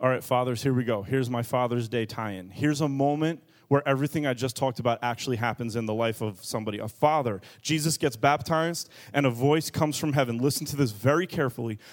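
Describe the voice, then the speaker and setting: A man preaching a sermon in a lively, joking and emphatic way, leaning hard on key words. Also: medium pitch, brisk, hardly any pauses. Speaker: pastor.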